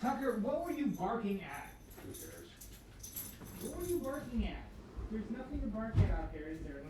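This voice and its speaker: An excitable, chatty man with a somewhat high voice who swears easily as he talks. He sits away from the mic in an echoey room, with a faint hiss underneath. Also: normal speed. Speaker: player. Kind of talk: casual chat on a live tabletop stream. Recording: roomy, distant mic, faint noise.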